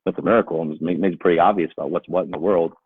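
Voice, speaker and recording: A man's voice: low voice, fairly even intonation, racing, breathy edge, no echo, narrow, tinny audio. A man speaking as a rabbi, giving an emphatic talk to a live audience, full of rhetorical questions and repeated phrases.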